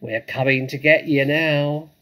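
A man voicing a dwarfish, pot-bellied farmer who yells threats at a fox. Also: a little high, fairly even intonation, measured pace, pitched above the performer's own voice. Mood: taunting. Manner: yelling, taunting.

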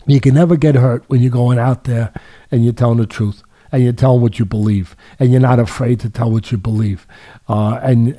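An older man holds forth on boxing in loose, casual talk. He circles back on himself, restarts his sentences and leans on fillers, with a middle-pitched, ordinary voice. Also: warm tone. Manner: rambling, many restarts and fillers, jokey then earnest. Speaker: boxing podcast host.

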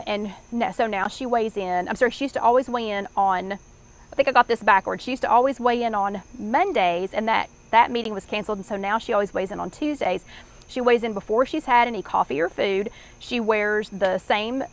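A woman's voice: mid-range voice, low-quality recording. Chatty Southern woman hosting a live chat. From American South. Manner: rambling, chatty, many fillers and restarts. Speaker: online workshop host.

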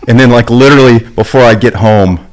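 A middle-aged man in a casual podcast conversation, an animated storyteller who talks in a loose, chatty way. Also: medium pitch, fairly quick. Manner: animated storyteller, lots of "like" and "dude". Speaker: guest, veteran bowhunter.

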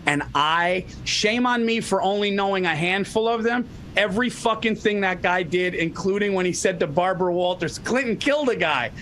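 A man's voice: high voice, moderate pace, hardly any pauses, a bit bright, slight background noise. A man in casual chat over a video call, animatedly retelling jokes with plenty of swearing.

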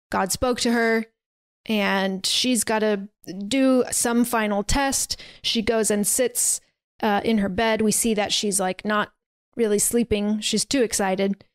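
A woman's voice: mid-range voice, fairly even intonation, slow, clear, resonant tone, no echo. Chatty woman recapping a movie. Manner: chatty, retells scenes with quoted dialogue and fillers. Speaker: podcast host.

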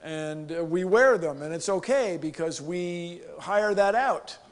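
A man from the United States giving an animated, joking conference keynote to a live audience. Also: high-pitched, unhurried. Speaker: keynote speaker. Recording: long hall reverb.

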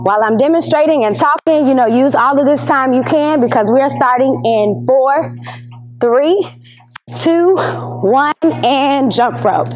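A woman's voice: sits high, measured pace, soft background music. A woman teacher leading a televised exercise lesson, coaching and counting down between moves. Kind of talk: leading a workout class. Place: indoors, recorded for school television.

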